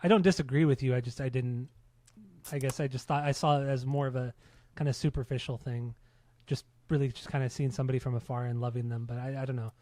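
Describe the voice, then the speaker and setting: A man's voice: mid-range voice, fairly even intonation, quick pace, mellow. A man co-hosting a casual music podcast, talking in an easygoing, hedging way with many fillers. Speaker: podcast co-host.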